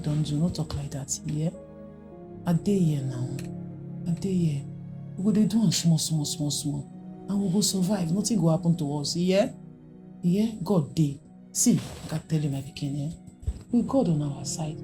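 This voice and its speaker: A woman's voice: deep voice, normal speed, natural voice. An actress playing a protective middle-aged mother who speaks Nigerian Pidgin English, scolding with emphatic repeated questions. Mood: comforting. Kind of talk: Nollywood film acting. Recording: film soundtrack with faint music behind.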